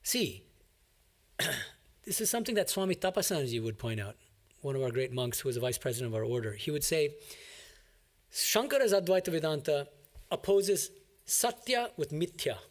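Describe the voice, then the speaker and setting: A monk speaks to his class in a lively, explanatory way and stresses his key points. His voice sits a little high for a man. The tone is that of a classroom commentary. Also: moderate pace, long pauses. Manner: animated, explanatory, emphatic. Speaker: monk teaching a scripture class. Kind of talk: classroom commentary on a scripture reading.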